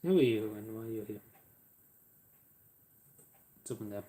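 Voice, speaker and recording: A man with an Irish accent chatting casually with viewers on a live stream, halting and rambling with many fillers, often apologizing. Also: fairly low pitch, lively intonation, mellow, a little hiss or hum.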